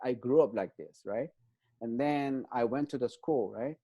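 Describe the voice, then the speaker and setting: A man's voice: medium pitch, a little slow, dark tone, lo-fi sound. A man explaining trauma as an interview guest, in non-native English phrasing, with many fillers and frequent "right?" check-ins.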